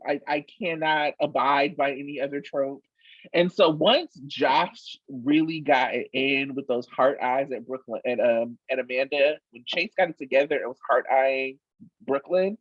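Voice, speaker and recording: A woman co-hosting a casual podcast chat, emphatic and animated, swearing freely. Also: deep voice, no echo, dull audio. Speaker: podcast co-host.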